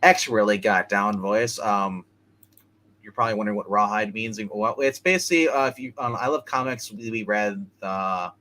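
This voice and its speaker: Bright-voiced stammering male host. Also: fairly low pitch, normal speed. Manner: stammering, restarts often, laughs a lot. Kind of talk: casual live-stream chat.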